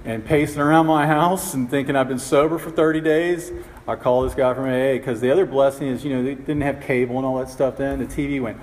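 A man's voice: mid-range voice, steady tone, brisk, a little mellow. A man telling his recovery story to a group, in a humorous, rambling way with lots of "you know". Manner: self-mocking, rambling, full of "you know". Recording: echoey hall with faint background noise.

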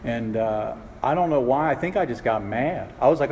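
A man's voice: medium pitch, lively intonation, moderate pace, few pauses. Rambling, self-mocking man in an echoey hall. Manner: self-mocking, rambling, full of "you know". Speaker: speaker sharing his recovery story. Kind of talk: humorous storytelling talk. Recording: echoey hall with faint background noise.

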